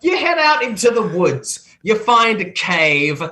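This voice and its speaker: A man's voice: sits high, sing-song, unhurried, bright, forceful tone. A man, a guest on a live interview stream, talking in an exuberant, theatrical way and sometimes calling himself by name in the third person. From Australia. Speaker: guest, pro wrestler and metal singer. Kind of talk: livestream interview chat.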